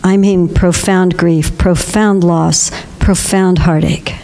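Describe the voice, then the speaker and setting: A woman's voice: lowish voice, steady tone, slow. An older woman speaking as guest speaker to a congregation, telling stories with frequent laughter. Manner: warm storytelling with frequent laughter. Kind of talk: spiritual talk to a congregation.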